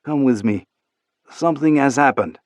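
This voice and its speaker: A man voicing a soft-spoken, affectionate young French woman in an audiobook, speaking quietly with a French accent. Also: mid-range voice, normal speed, no echo, clean studio sound, pitched above the performer's own voice, lightly acted. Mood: tender. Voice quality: soft, hushed.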